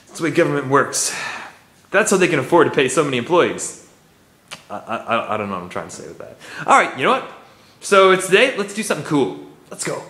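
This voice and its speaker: A man's voice: a little high, expressive, brisk, pushed and bright. Chatty guy vlogging outdoors. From Canada. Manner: chatty, rambling, joking asides with many "like"s. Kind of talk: casual street vlog. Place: city streets in Taiwan, outdoors.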